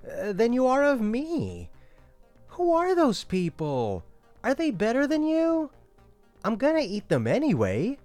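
A smug young coronavirus , played by a man, taunts with a sarcastic drawl that swings wide in pitch. The delivery is slow and unhurried, as if savoring every insult. Faint music sits behind it. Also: a little mellow, full character voice. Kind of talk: comedy sketch.

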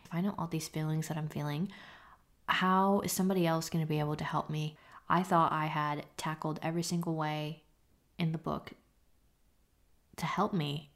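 A woman's voice: low-pitched, fairly even intonation, moderate pace, long pauses. A young woman hosting her own podcast, talking openly and casually about her life, with the odd swear word. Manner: open, confessional, casual with swearing. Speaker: podcast host. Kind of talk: candid solo podcast talk.

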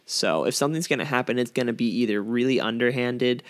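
A man co-hosting a podcast, talking in an animated, joking, opinionated way. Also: medium pitch, a little fast, hardly any pauses. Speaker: podcast co-host. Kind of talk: casual chat.

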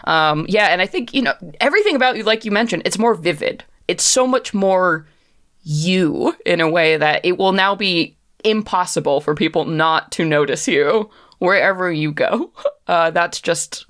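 A woman's voice: on the low side, moderate pace, a bit bright. A woman narrating a tabletop game as game master, chatty and hesitant, with many fillers.

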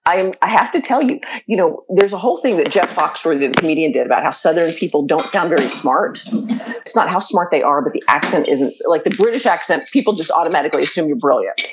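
A middle-aged woman chatting casually, telling an animated story with laughter and quoting her own thoughts. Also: deep voice, quick pace, muffled recording, noisy background. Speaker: storyteller guest.

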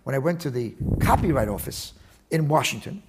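Animated, gravelly-voiced man being interviewed. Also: medium pitch, brisk, background noise. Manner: animated, digressive, with frequent restarts and Talmudic terms. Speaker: guest, attorney and index author. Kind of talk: casual interview talk.

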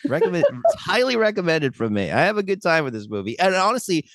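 Lively, profane podcast host. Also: medium pitch, fast talker, dry recording, clean studio sound. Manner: profane, blunt, laughs often. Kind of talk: casual movie review chat.

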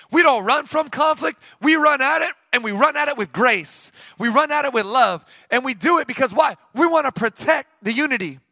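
A man preaching a sermon with an energetic, repetitive cadence, swinging between loud declarations and hushed storytelling. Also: very high voice, no room sound. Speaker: pastor.

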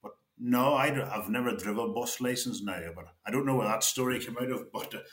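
A man's voice: medium pitch, fast talker, a bit bright. A Northern Irish man from Tyrone, a guest telling rambling anecdotes in casual chat, quoting others and laughing often. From County Tyrone, Northern Ireland. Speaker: guest, former county footballer. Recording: roomy echo.

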